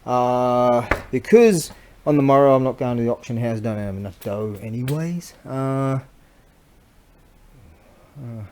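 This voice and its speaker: A man's voice: medium pitch, a little slow, long pauses, a little mellow, slight background noise. Rambling man vlogging. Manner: rambling, loses his train of thought, slangy. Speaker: vlogger selling antiques. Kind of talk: casual rambling chat.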